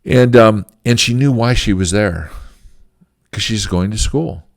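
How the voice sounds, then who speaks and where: A man's voice: fairly low pitch, measured pace, no echo, studio quality. A middle-aged man hosting a management teaching channel, telling a workplace story in an earnest, emphatic way with short laughs. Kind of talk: storytelling lesson talk.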